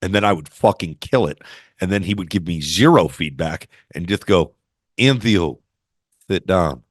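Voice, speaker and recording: A man's voice: deep voice, normal speed, slightly rough, dry recording, clean studio sound. A man telling stories as an interview guest in a brash, swaggering, profane way. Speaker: interview guest, former wrestler. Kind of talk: casual storytelling interview.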